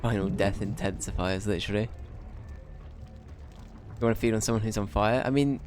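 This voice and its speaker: A man's voice: fairly low pitch, moderate pace, pauses often, a little mellow, faint music behind. A man streaming a video game, thinking aloud in a casual manner and swearing now and then. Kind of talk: live gameplay commentary.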